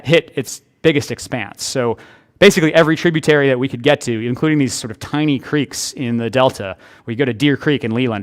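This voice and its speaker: A man's voice: medium pitch, smooth. Conversational man giving a history talk. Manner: conversational, thinking aloud with restarts. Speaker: author giving a history lecture.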